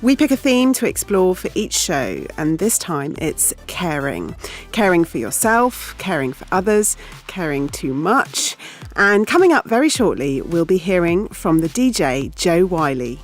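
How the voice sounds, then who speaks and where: A woman's voice: lowish voice, big pitch swings, a little slow, soft background music. A woman hosting a podcast interview, introducing her guest with enthusiasm. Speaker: podcast host. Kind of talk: hosted interview chat.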